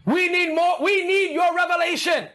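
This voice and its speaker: An excitable male preacher delivering a lively sermon in a very high, bright, forceful voice. He shouts and laughs as he teaches, and he calls his listeners "baby". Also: moderate pace. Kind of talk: energetic sermon.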